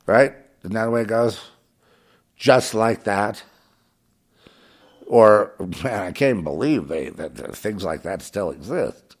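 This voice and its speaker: A man's voice: fairly low pitch, expressive, unhurried, long pauses. Fervent rambling man preaching. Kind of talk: preaching monologue.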